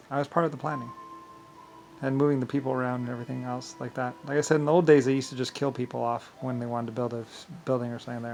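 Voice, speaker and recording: A man vlogging in a rambling, profane monologue, full of grand claims and frequent laughter. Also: medium pitch.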